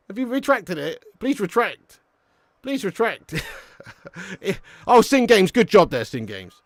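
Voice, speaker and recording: A man's voice: high-pitched, sing-song, normal speed, no room sound, studio quality. A man hosting a live football watch-along stream, bantering with chat and laughing often.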